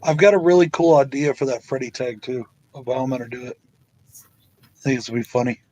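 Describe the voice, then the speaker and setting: A man's voice: mid-range voice, quick pace, warm tone, poor audio. A man hosting a casual live stream chat, blunt and swearing freely. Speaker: host.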